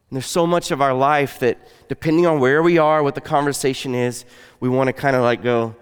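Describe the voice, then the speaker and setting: Preaching earnestly in a conversational style, this pastor speaks fairly quickly in a mid-range voice with a steady tone, frequently dropping soft and quiet. His voice is smooth and resonant. The hall adds a long reverb.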